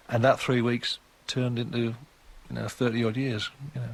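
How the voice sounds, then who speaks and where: On a radio interview, a guest musician in his sixties with a Geordie accent spins long, chatty, rambling stories. His mid-range voice barely moves in pitch, and he keeps a moderate pace with hardly any pauses.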